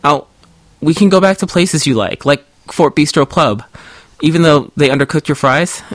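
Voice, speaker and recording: A man's voice: on the high side, moderate pace, dry recording, pitched above the performer's own voice, natural voice. A man voicing a nervous male border collie who pleads and apologizes to please his partner. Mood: anxious.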